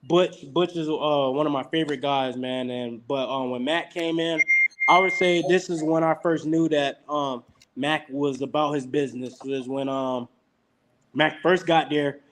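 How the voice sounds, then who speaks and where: On the high side and at a measured pace, a young man who plays college football tells stories for a casual podcast. He's an animated teller who performs the quotes.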